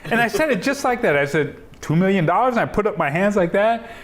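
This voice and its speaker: A middle-aged man recounts a business story in an oral history interview, fairly high-pitched for a man. He acts out each side of the conversation and breaks into laughter along the way. He is recorded over a video call. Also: quick pace. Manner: animated storyteller, acts out quoted dialogue, laughs often. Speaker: interviewee, software entrepreneur.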